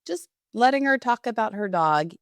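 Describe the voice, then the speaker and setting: A woman's voice: fairly high pitch, animated, normal speed, clean tone, dry recording, studio quality. A woman hosting a podcast, telling a personal story candidly in conversation. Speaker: podcast host and fitness instructor.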